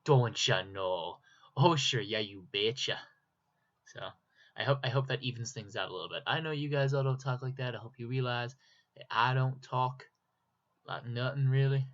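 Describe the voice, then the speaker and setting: A young man with a Minnesotan accent talks his way through a drawing in a loose, rambling, self-deprecating way. His voice sits at a middling pitch. The recording is dull and lo-fi, with mouse clicks in the background. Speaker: YouTuber. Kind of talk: casual drawing commentary. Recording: dull lo-fi mic.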